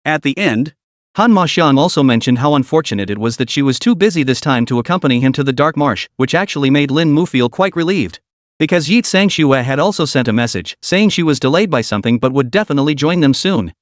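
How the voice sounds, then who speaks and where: A man reading a comic story aloud as the narrator, in a steady scripted delivery. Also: on the high side, quick pace, no room sound, clean studio sound.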